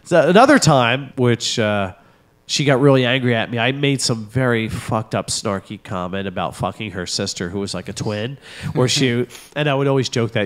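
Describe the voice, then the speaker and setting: Animated man telling a wild story. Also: medium pitch, normal speed. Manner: animated, profane, acts out voices in his story. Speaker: podcast host. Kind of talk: casual storytelling chat.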